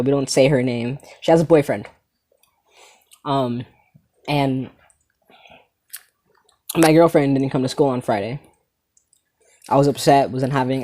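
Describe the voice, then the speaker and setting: Rambling teen comedy storyteller. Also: mid-range voice. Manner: rambling, animated, swears casually. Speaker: comedy channel host.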